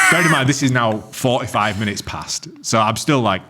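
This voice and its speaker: A man's voice: medium pitch, wildly swooping pitch, moderate pace, very noisy. A man, co-hosting a casual podcast, telling a story with plenty of swearing and acting out what each person said. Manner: sweary storytelling, acts out both sides. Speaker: podcast co-host. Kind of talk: casual chat.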